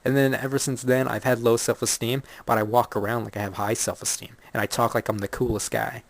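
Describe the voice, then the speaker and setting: A man's voice: medium pitch, flat delivery, a little fast, creaky, dry recording. A young man hosting his own podcast, talking through a rambling, self-deprecating comic monologue and acting out the dialogue. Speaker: podcast host.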